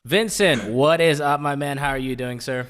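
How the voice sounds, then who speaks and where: A man's voice: medium pitch, normal speed, a bit bright. A young adult man hosting a casual podcast chat, joking and teasing his co-hosts and guest with lots of energy. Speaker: podcast host.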